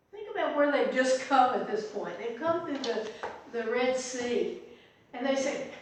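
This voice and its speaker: Middle-aged woman, pastor, conversational teaching, slightly high voice, very echoey room. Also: normal speed, distant mic, a little hiss or hum. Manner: conversational, chatty with asides and restarts. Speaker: pastor leading Bible study. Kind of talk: informal Bible study teaching. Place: church meeting room.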